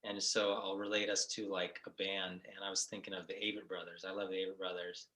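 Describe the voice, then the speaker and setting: Low, flat-voiced male musician. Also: brisk, rough recording. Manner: relaxed, rambling, thinks aloud. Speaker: band member guest. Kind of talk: casual interview talk.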